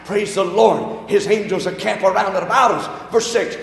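High-voiced preacher in an echoing hall. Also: male voice, moderate pace, gravelly. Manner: preaching with call-and-response, rising to shouts. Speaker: pastor. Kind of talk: sermon. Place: church sanctuary. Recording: echoey hall.

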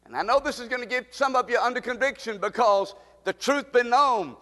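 A man's voice: very high voice, a little fast, fairly bright tone, in a large hall. A man preaching a sermon as pastor, impassioned and repetitive, with pleading rises.

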